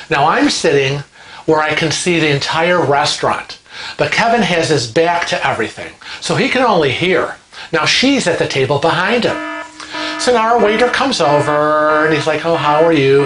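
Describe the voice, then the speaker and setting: A man hosting a vlog, telling a story to camera in an animated, gossipy, conversational way. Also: a little high. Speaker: vlog host. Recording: echoey room.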